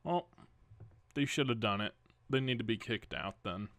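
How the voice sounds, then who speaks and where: A man's voice: medium pitch, normal speed, fairly bright tone, dry recording. A young man hosting a podcast at home, reading news stories aloud and adding casual, rambling asides. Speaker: podcast host.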